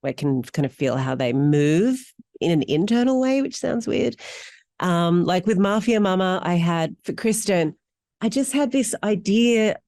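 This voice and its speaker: A middle-aged Australian woman, an actor, telling stories in an interview with animated, candid delivery. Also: measured pace, no room sound. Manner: animated, candid storytelling with wide pitch swings. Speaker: actor guest. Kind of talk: interview conversation.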